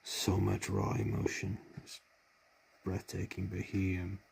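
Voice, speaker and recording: A man's voice: completely flat delivery, unhurried, a little mellow, a little hiss or hum. A man retelling a favorite TV episode in casual fan commentary, heartfelt and rambling, choked up with emotion. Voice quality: deep gravelly husky voice.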